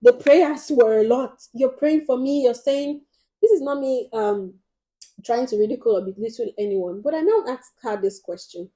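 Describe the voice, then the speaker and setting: A woman's voice: on the high side, normal speed, warm tone. Emphatic Nigerian woman vlogger. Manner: direct, emphatic, with frequent ums. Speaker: host. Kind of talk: casual advice vlog.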